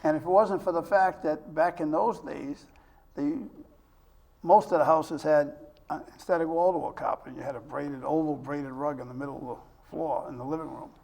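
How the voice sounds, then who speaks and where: A man's voice: on the high side, steady tone, normal speed, gravelly, a little mellow. An older man hosting a talk show interview, chatty and telling long personal stories. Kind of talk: casual interview chat.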